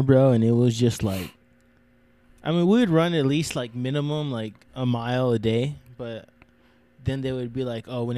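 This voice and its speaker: A man's voice: mid-range voice, warm tone, dry recording. A young man co-hosting a podcast, chatting loosely with lots of fillers and laughs. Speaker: podcast co-host. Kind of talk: casual chat.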